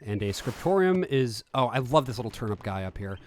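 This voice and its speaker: A man streaming a game, casually chatting and reading its text aloud in a relaxed, amused way. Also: medium pitch, a little fast.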